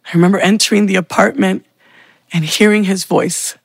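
A woman sharing a heartfelt personal faith testimony, telling her story slowly with pauses. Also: mid-range voice, steady tone, breathy edge, no echo.

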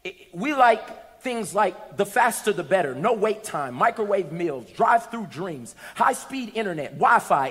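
High-voiced male preacher in a big hall. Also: normal speed, hardly any pauses. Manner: lively preaching with humor, building to shouts. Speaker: pastor. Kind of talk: sermon. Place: church sanctuary with congregation. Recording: long reverb of a large hall.

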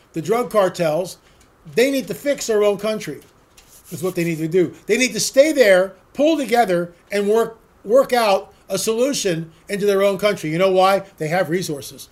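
A man giving an opinionated solo commentary, sarcastic and ranting, firing off rhetorical questions to his listeners. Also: high voice. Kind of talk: opinionated monologue.

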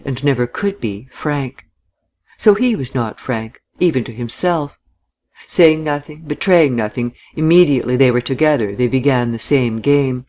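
A man reading a novel aloud as an audiobook narrator, measured and even. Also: mid-range voice. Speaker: audiobook reader.

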